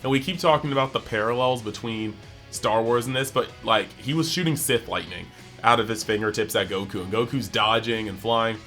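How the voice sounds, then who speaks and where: Male anime reviewer, bright tone, loose and chatty, acts out quotes as he goes. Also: lowish voice, soft background music. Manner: animated, acts out characters' lines in quick bits; chatty, heavy use of "like". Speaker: anime review channel host. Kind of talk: casual episode breakdown.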